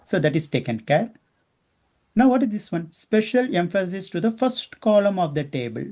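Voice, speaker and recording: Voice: mid-range voice, very animated, normal speed, a little mellow. An instructor teaching a class step by step and often checking in with the students. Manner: explains step by step, often asking the class questions.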